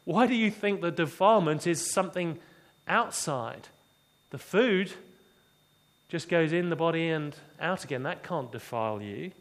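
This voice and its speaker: A man voicing a patient, gently sarcastic male teacher talking down to slow pupils. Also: a little high, animated. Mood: teasing. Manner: mock-exasperated, explaining like to a class.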